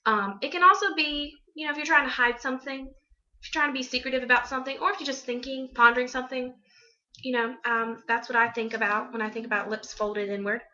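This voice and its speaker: A young woman student giving a casual class presentation on gestures, halting with frequent ums. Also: high-pitched, fairly even intonation, sharp tone, lo-fi sound. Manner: halting, many ums, demonstrates expressions.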